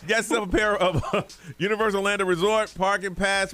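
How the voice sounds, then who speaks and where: A man's voice: sits high, very animated, moderate pace, fairly bright tone. A man hosting a morning call-in radio show, teasing and laughing often with callers.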